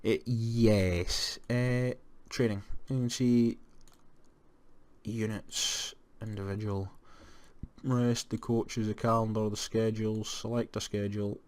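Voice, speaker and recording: A young Scottish man giving casual let's-play commentary on a football management game, moving from flat disappointment to excited shouts. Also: fairly low pitch, takes it slowly. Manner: animated, jumps to excited shouts at goals. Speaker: gaming commentator.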